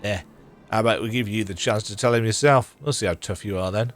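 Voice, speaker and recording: A man's voice: fairly low pitch, quick pace, faint music behind, natural voice. A man voicing a sneering male bandit guard with a mocking, threatening manner.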